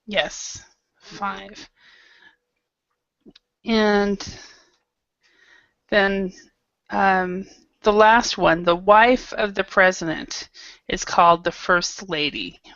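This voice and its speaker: Bright-voiced woman teaching online. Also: mid-range voice, fairly even intonation, no echo. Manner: patient, models pronunciation slowly. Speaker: English teacher. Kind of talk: online English class. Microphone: video call. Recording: dull lo-fi video call audio.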